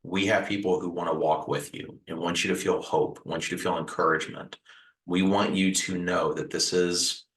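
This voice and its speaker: Man, very deep voice, earnest reassuring advice, roomy echo. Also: level tone, moderate pace. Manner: gentle, reassuring, repetitive phrasing with fillers. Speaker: host sharing house fire recovery advice. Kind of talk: earnest direct-to-camera advice talk.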